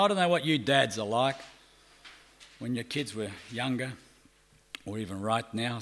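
A middle-aged man with an Australian accent preaching a sermon. He shifts between loud, drawn-out emphasis and quiet, fast asides. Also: on the high side. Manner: acts out quoted people in brief voices.

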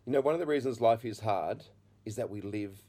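A middle-aged man telling an earnest, halting testimony in a sermon, full of fillers and restarts. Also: fairly low pitch, dark tone. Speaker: preacher.

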